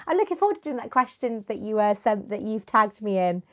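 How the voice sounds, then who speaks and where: A young YouTuber hosts a live stream, chatting casually in a medium-pitched, sing-song voice at a fairly quick pace. She rambles and answers viewers by name, while her runny nose has her clearing her throat.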